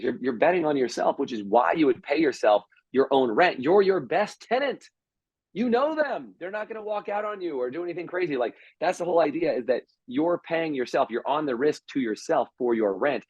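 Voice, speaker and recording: A man on a podcast as a guest, telling stories and giving business advice in an emphatic, energetic way. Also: medium pitch, slightly rough, no room sound, muffled recording. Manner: energetic storytelling, quick and emphatic. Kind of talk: casual podcast interview.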